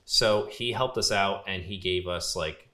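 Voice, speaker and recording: A man's voice: low-pitched, a little slow, bright, forceful tone. A young man casually telling a long story as a podcast guest, full of fillers and quoted dialogue. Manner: laid-back, lots of fillers, quoting others. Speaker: podcast guest, grip and gaffer.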